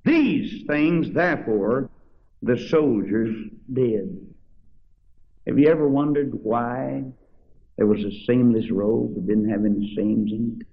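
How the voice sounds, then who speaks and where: A preacher reading scripture aloud with dramatic emphasis, then breaking off to explain it in plain everyday speech. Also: male voice, medium pitch, takes it slowly, vocal fry. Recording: dull lo-fi sermon recording.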